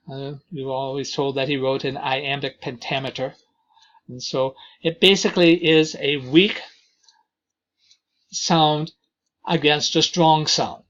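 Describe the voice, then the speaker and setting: A man teaching an introductory lesson on poetry, talking slowly with frequent fillers and reading verses aloud. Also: on the high side, a bit bright, lo-fi sound. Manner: slow, deliberate delivery with many fillers and reading aloud of verses. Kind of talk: lecture on poetry.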